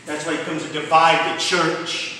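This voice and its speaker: A man preaching a sermon, swinging from loud, shouted peaks to quiet asides. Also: fairly high pitch, flat delivery, normal speed. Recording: echoey hall from far off, faint noise.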